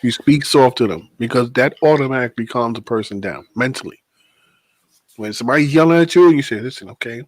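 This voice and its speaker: A man, co-hosting a casual podcast chat, animated and quick to laugh and swear. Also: mid-range voice, dry recording. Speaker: podcast co-host, transit worker.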